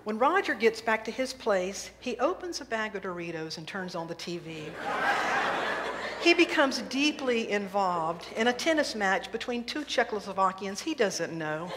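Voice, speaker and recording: A woman's voice: mid-range voice, normal speed. Woman minister telling a story in a hall. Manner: lively, humorous storytelling. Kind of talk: sermon storytelling. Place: church sanctuary. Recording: reverberant hall, faint noise.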